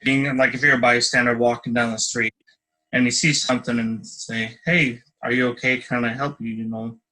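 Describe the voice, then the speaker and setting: A man hosting a podcast who asks questions in a gentle, halting way. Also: medium pitch, level tone, rough recording. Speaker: podcast host. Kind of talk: interview questions.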